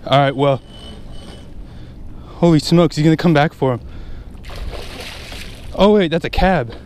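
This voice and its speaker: A man's voice: on the high side, unhurried, a little hiss or hum. A man vlogging from a small boat at sea, exclaiming and cheering over a big catch. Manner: excitable, exclaiming, breathless. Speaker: fishing vlogger. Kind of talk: excited fishing vlog narration.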